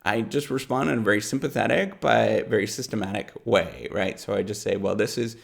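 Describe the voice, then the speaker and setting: A man's voice: fairly low pitch, fairly quick, gravelly. A middle-aged man, a professor, giving rambling unscripted advice with lots of fillers and repeated words. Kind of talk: unscripted advice talk to camera.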